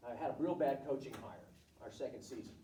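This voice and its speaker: Speaking a little fast in a warm, mid-range voice, a middle-aged volleyball coach tells students candid, blunt stories from his career and acts out what people said. The informal talk is recorded from a distance in an echoey room with slight background noise.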